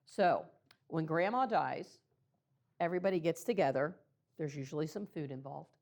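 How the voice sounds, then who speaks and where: A woman presenting to clergy, speaking earnestly and personally, with frequent pauses and ums. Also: sits low, creaky, a little mellow. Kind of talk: talk to clergy about baby loss. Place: meeting room.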